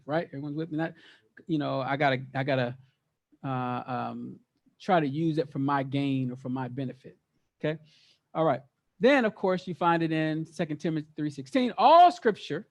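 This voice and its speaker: A man leading an interactive Bible study, reading verses aloud and quizzing his group in a lively way, often repeating words for emphasis. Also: high-pitched. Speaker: teacher.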